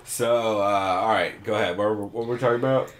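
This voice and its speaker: A man's voice: lowish voice, fairly quick, a little hiss or hum. A young man co-hosting a casual podcast, talking loosely, swearing often and restarting his sentences. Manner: loose and profane, with many fillers and restarts. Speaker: podcast co-host.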